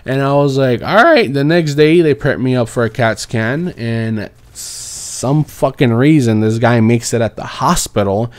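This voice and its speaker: A young man at a middle pitch tells a story in a loose, rambling way. He swears a lot and sounds exasperated as he talks through it casually. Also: measured pace, hardly any pauses, a little mellow, clean tone. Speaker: vlogger telling a personal story.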